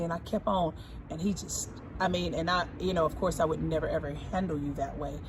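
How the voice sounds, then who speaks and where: Woman, 40s, casual heartfelt talk, emphatic, repetitive phrasing, lowish pitch. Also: fairly even intonation, quick pace, a little hiss or hum. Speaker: co-host, singer.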